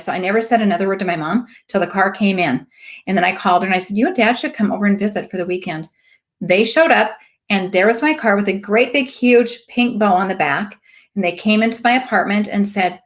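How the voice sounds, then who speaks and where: A woman in her late fifties, a sales director giving a motivational talk, telling lively stories and acting out the voices of people she quotes. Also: medium pitch, a little fast. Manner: emphatic, preachy asides.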